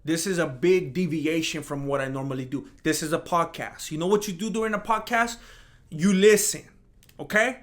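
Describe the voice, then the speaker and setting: Rambling, animated man hosting a podcast. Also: normal speed. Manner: rambling, animated, mocks imagined critics in a higher voice. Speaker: podcast host. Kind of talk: casual solo podcast chat.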